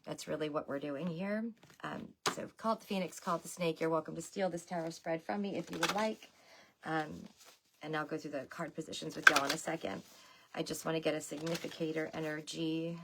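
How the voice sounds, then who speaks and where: A woman's voice: deep voice, fairly even intonation, a little fast, noisy background. A woman giving a loose, chatty tarot reading to her viewers, talking to them as y'all. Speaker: tarot reader. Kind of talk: casual livestream tarot reading.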